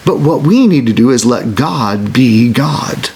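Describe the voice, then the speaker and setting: A man preaching a sermon as pastor, earnest, restarting phrases and slowing down on scripture. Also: a little high, animated, vocal fry, darkish tone, slightly rough. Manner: earnest, repeats words when starting a phrase.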